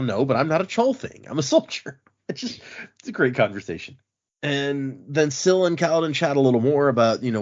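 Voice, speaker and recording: A man's voice: mid-range voice, dull audio. A man on a podcast casually recapping book chapters, acting out the characters' lines as he goes. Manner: animated, acts out characters' lines while recapping. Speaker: podcast co-host.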